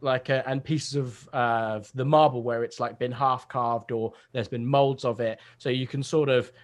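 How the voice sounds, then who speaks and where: A man's voice: mid-range voice, steady tone, moderate pace. A young man chatting casually over a video call, rambling through a comedy idea with lots of fillers.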